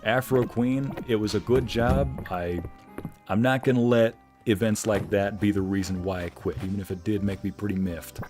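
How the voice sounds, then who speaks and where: Speaking at normal speed in a lowish voice, a game streamer tells a story in relaxed chat. He performs the quoted lines animatedly in a raised voice over faint background music.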